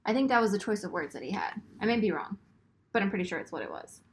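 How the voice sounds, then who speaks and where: A woman talks in a loose, excitable way, piling up fillers as she recounts scenes. Her voice sits in an ordinary middle pitch. She sounds like she is hanging out at home. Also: fast talker, a little hiss or hum. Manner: rambling, excitable, lots of fillers and laughs. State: burping after beer. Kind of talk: casual chat.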